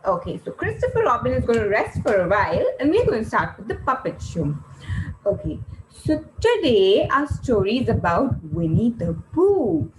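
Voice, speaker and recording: Animated high-voiced woman teaching kids. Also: normal speed, noisy background. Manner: animated, sing-song questions to children. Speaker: online class teacher. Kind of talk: teaching a kids' class.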